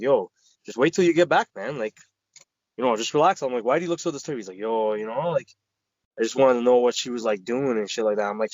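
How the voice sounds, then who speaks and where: A man's voice: mid-range voice, dry recording, muffled recording. A man co-hosting a podcast, telling a rambling, profane story and acting out his friends' lines. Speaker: podcast co-host. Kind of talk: casual storytelling chat.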